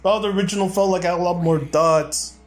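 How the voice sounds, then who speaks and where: A young man giving loud, profane, rowdy commentary while playing a game. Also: sits high, steady tone, quick pace, soft background music. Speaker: gameplay commentator. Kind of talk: crude gameplay commentary.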